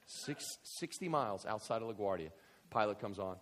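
A male guest preacher telling a story in a sermon, full of restarts and rising to shouts. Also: on the low side, normal speed, a little hiss or hum. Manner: animated, many restarts, builds to shouting.

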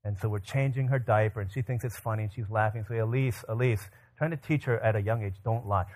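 A man's voice: fairly low pitch, fast talker, few pauses. A man in his thirties preaching a sermon, telling stories and acting out the quotes. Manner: animated storytelling with quoted voices. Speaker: pastor.

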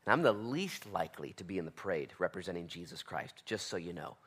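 A low-pitched, slightly bright and husky voice belongs to a pastor in his thirties who talks fast and animatedly. He keeps the sermon conversational, pokes fun at himself, and repeats key points to drive them in.

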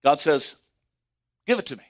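A man preaching a sermon as pastor, swinging from hushed asides to excited shouts. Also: fairly high pitch, normal speed.

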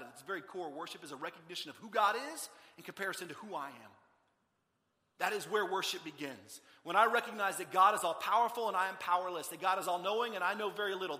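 Guy preaching, high voice, goes loud then really quiet, echoey big hall. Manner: animated storytelling, swings from loud to hushed. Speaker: pastor. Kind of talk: sermon.

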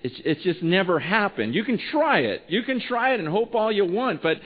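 Guy preaching a sermon, high voice, lots of stutter restarts, sounds like over a phone line. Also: very animated, normal speed. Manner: conversational, repetitive restarts, swings between hushed and emphatic. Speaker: pastor.

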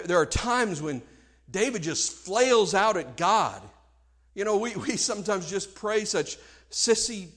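A male preacher delivering a sermon, impassioned, swinging between hushed and loud passages and repeating words as he presses a point. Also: high voice.

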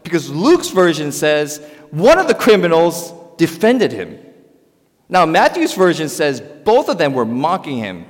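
A man preaching a sermon as a pastor, animated, swinging between loud emphasis and quiet, softer passages. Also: a little high, unhurried. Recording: long hall reverb.

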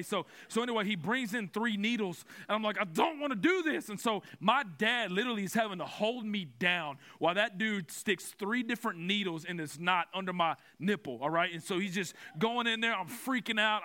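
A man's voice: sits high, bright, forceful tone. A young man preaching a sermon, telling a personal story with self-mocking humor before turning to scripture.

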